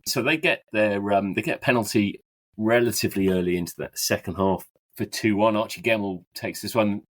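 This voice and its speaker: A man on a football podcast, chatting in a relaxed, reflective way. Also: on the low side, fairly quick. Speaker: podcast co-host. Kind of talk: casual football chat.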